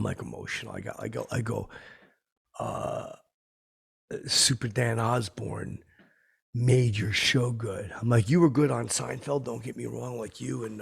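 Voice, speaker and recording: A rough, gravelly, very raspy voice carries this washed-up middle-aged comic, as a man puts him on in a podcast monologue. He rambles in loose, tactless asides. His boasting keeps tipping over into sentiment. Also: mid-range voice, exaggerated voice. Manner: rambling, rough-spoken, tactless, lurching between bravado and sentiment. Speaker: podcast host.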